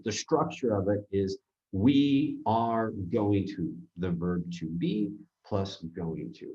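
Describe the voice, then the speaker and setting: A man with a low, mellow voice works through a grammar lesson at an unhurried pace, circling back and restarting his sentences as he goes. The sound is dull and lo-fi. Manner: rambling, halting explanations with many restarts and fillers. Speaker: teacher. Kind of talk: recorded grammar seminar lecture.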